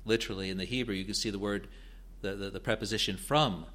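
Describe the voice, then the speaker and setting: A man preaching an expository sermon in a deliberate, earnest way, building to emphatic rises. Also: fairly low pitch, steady tone, fairly bright tone.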